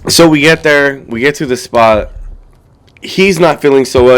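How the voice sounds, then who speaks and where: A man co-hosting a podcast, telling a scary story in a casual, animated way, swearing and acting out what others said. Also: medium pitch, moderate pace. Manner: animated storyteller, swears a lot, acts out quotes. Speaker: podcast co-host.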